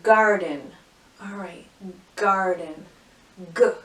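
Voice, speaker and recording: A woman teaching a phonics lesson to young children, cheerfully sounding out words and syllables slowly and clearly. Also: medium pitch, far from the mic. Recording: roomy echo, voice from off mic.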